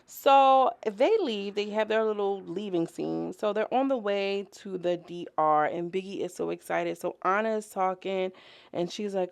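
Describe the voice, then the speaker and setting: Gravelly-voiced chatty woman vlogger. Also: medium pitch, measured pace, no room sound. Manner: chatty, rambling, profane, talks straight to viewers. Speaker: reality show reviewer. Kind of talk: casual vlog review.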